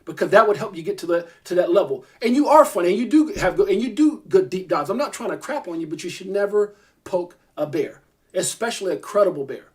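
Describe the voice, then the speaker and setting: Fast-talking, irritated man ranting. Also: sits high, animated, a little mellow. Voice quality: fast, emphatic, repeats himself. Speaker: crypto YouTuber. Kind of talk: heated rant to camera.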